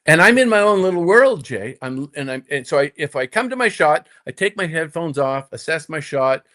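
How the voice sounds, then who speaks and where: An older man spins a long story from his playing days, his pitch jumping up and down as he acts out what he told himself. He stumbles into restarts, repeating "and, and" before surging forward again. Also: expressive, moderate pace, a bit bright. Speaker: guest, former tour golfer. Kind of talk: storytelling in casual conversation.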